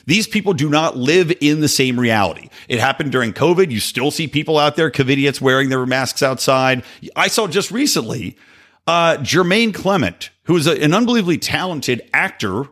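A male podcast host in a sarcastic rant, full of asides. His pitch swings widely from phrase to phrase, and his voice sits at an ordinary middle height. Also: expressive, moderate pace, fairly bright tone. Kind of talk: opinionated political commentary.

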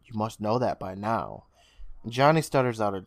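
Low-voiced man retelling a plot, dry mic. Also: animated, moderate pace, no room sound. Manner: storytelling retell with swearing, acts out lines. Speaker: podcast co-host recapping an episode. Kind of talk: casual recap chat.

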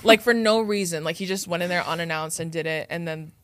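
A young woman hosting a casual podcast, her voice sitting on the low side. She tells stories with emphatic, animated energy and leans on filler words constantly. The sound is dry and close, with no room around it. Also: brisk, no echo. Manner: animated, emphatic storyteller, heavy filler use. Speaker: podcast host. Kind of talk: casual chat.

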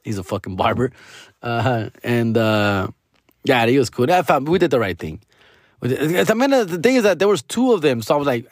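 A man, a comedian hosting his podcast, telling a story in an animated, slangy, profane way on a close mic. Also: a little high, moderate pace, no echo. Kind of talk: casual storytelling.

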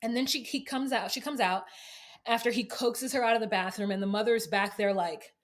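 Laughing, animated woman podcast host. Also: on the high side, fairly quick. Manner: animated, laughing, recapping scenes. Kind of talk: casual podcast chat.

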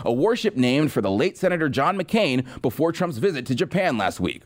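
Sarcastic man with a lively voice. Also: mid-range voice, a little fast, few pauses. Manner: sarcastic, mocking. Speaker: podcast host. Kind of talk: political commentary.

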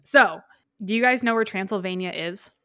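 A woman's voice: medium pitch, sharp tone, no echo, clean studio sound. A woman in her twenties co-hosting a podcast, chatting casually and joking often. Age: 20s. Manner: joking, chatty, quick laughs. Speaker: podcast co-host. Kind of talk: casual chat.

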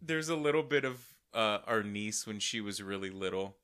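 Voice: mid-range voice, animated, moderate pace, fairly bright tone, clear, resonant tone. A podcast co-host in casual chat who laughs often and agrees along.

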